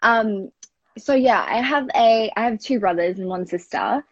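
A woman's voice: fairly high pitch, unhurried, no room sound. A young woman with an Australian accent telling a personal story, rambling and full of fillers. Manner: rambling, filler-heavy and chatty. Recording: dull, lo-fi dry home recording.

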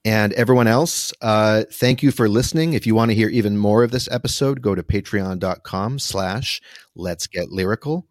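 A man's voice: on the low side, normal speed, dry recording, clean studio sound. A man co-hosting a podcast in casual conversation, rambling and restarting his sentences, laughing often. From United States. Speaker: podcast co-host.

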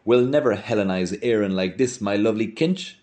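A man voicing a brash, mocking young man who teases loudly and theatrically in a storybook reading. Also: on the low side, a little fast, pitched above the performer's own voice, natural voice. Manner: loud, teasing, theatrical.

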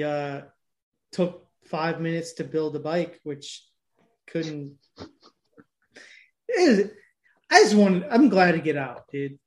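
Profane rambling podcast guy. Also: on the high side. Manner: profane, rambling, animated storytelling. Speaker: podcast co-host. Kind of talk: casual crude chat.

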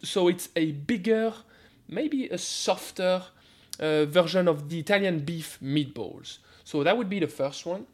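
A man's voice: on the high side, lively intonation, measured pace, hardly any pauses. A man with a French accent, a food scientist guest on a radio show, talking animatedly and often repeating words as he starts a sentence. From France. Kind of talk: radio interview.

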